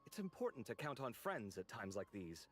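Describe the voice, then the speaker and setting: An actor playing a dramatic, fussy young male architect in a video game, expressive and sarcastic. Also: medium pitch, a little fast, faint music behind. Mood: earnest, teasing. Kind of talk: game voice acting.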